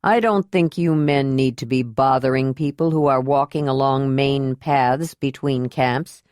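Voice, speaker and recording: A woman voicing a steady male leader who speaks calmly and firmly. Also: extremely low pitch, measured pace, dry recording, clean studio sound, pitched below the performer's own voice. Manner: calm, reasoned and commanding. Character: steady male clan leader, calm and firm.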